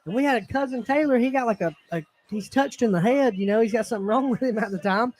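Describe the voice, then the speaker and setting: A man's voice: very high-pitched, fast talker, a little mellow. A man hosting a casual fight watch-along, chatting and telling stories full of laughter and acted-out voices. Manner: laughs often, acts out voices in anecdotes. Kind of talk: casual chat, storytelling.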